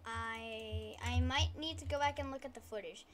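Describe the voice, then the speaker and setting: Rambling woman gamer talking softly. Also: a little high, normal speed, a little hiss or hum. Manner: rambling, self-deprecating, trying to talk quietly. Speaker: gaming YouTuber. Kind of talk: casual gameplay commentary.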